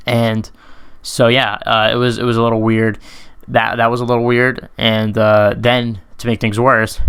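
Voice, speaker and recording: A man's voice: mid-range voice, a bit bright, smooth. A man commentating on MMA in a casual, unscripted Q&A monologue, rambling and swearing, with many fillers and self-corrections.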